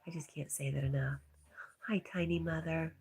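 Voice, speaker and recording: Low husky woman reading chat softly. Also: steady tone, moderate pace. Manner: reads viewer comments aloud, often softly whispered. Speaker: livestream host reading chat. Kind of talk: casual livestream chat.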